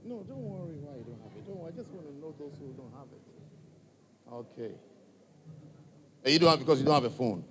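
Male church speaker with an African accent, slightly high voice, direct and coaxing with the crowd, long hall reverb. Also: animated, fairly quick, long pauses, noisy background. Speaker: church speaker addressing a congregation. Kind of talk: live address to an audience.

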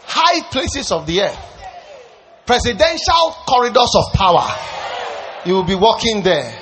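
A man pastor delivering a sermon, preaching with rising shouts and playful asides. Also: high-pitched, big pitch swings, measured pace, pauses often, music in the background, crowd noise.

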